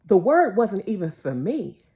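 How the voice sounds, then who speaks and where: A woman preaching a devotional sermon, emphatic and repetitive, moving between loud declarations and hushed whispers. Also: medium pitch, sing-song, measured pace. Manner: repeats phrases for emphasis.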